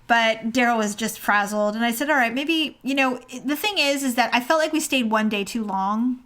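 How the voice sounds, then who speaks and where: Animated higher-voiced woman telling stories. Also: normal speed. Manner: animated storyteller acting out quoted voices. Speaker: podcast co-host. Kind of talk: casual chat.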